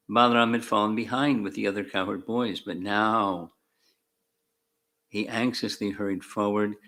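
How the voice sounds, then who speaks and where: A man reading scripture aloud in short deliberate phrases, calling out verse numbers and adding his own commentary with dry asides. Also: lowish voice, bright, forceful tone. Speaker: spiritual teacher.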